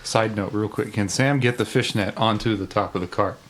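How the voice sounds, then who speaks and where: A man's voice: fairly low pitch, moderate pace, a little hiss or hum. A man playing in a tabletop game who acts out his character's lines with energy. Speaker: player. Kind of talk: casual tabletop game play.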